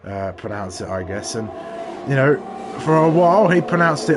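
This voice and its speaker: A man co-commentating a sim race, telling rambling anecdotes with halting restarts. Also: mid-range voice, over music.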